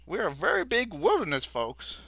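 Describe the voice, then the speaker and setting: A man's voice: high voice, wildly swooping pitch, measured pace, sharp tone, no echo, full character voice. A man voicing a folksy, cheerful frontiersman guest in a math video, hammy and chatty with the listeners.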